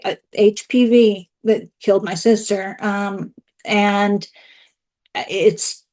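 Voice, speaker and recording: A woman's voice: medium pitch, steady tone, slow pace, a little mellow. Woman giving candid, emotional testimony. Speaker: speaker at an online event. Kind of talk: personal testimony. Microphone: video call.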